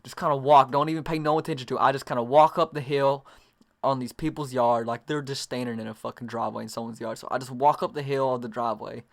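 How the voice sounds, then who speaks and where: A man's voice: medium pitch, fairly even intonation, fast, creaky. A young adult man telling a long, rambling story to camera, full of profanity and fillers. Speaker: vlogger.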